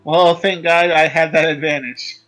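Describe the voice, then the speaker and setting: A man playing a tabletop game, easygoing and playful, speaking haltingly with fillers. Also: a little high, steady tone, a bit bright, faint music behind. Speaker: player. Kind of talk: casual tabletop game chat.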